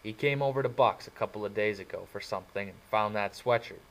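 A man reading an audiobook and voicing a blunt, tough young male greaser with gruff, drawling talk. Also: on the low side, fast, close to an everyday voice, rough recording. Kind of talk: audiobook character voice.

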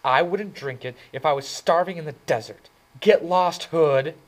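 A man reads out a cool, sharp-tongued teenage girl, her voice pitched well above his own and pushed a bit louder. She sounds biting and dismissive, a storybook girl who will not be pushed around. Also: expressive, normal speed, rough recording.

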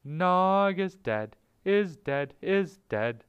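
A man reading aloud, voicing an excitable male tailorbird in a high, sing-song way. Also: drawn-out words, smooth, narrow, tinny audio, full character voice. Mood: jubilant.

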